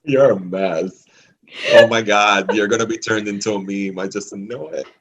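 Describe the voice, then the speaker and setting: A man's voice: on the low side, normal speed, a bit bright, rough recording. A man talking casually as a supportive, enthusiastic fan on a music podcast. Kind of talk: casual album discussion.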